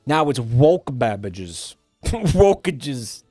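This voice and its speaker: A man's voice: mid-range voice, very animated, takes it slowly, a little mellow, no room sound, faint music behind. A man streaming live and chatting casually, joking around and swearing freely.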